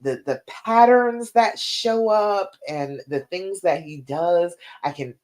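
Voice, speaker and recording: A woman relationship coach hosting a live-stream advice chat, talking to viewers in an emphatic, animated way. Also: on the low side, slow pace.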